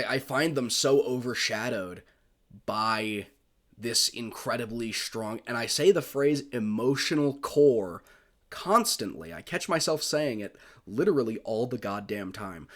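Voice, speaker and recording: A man giving a casual film review monologue, gushing and rambling with frequent swearing. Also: medium pitch.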